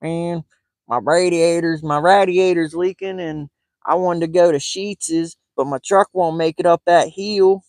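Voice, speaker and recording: A man imitating an exasperated small-town man from central Pennsylvania, raising his voice into a high, whiny, exaggerated drawl. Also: fairly even intonation, measured pace, darkish tone, dry recording, natural voice. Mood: complaining.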